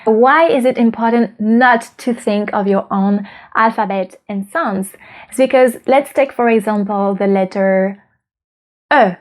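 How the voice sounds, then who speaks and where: A woman's voice: mid-range voice, measured pace. A woman with a French accent teaching pronunciation in a casual video lesson, explaining patiently and often checking in with the viewer.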